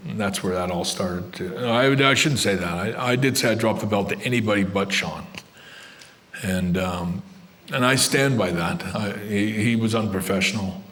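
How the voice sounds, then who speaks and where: A man's voice: fairly low pitch, normal speed, a bit bright. Blunt older man telling stories. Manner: blunt, rambling, restarts and asides. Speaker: guest wrestler telling stories. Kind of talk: live storytelling to fans. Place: event room with a live crowd.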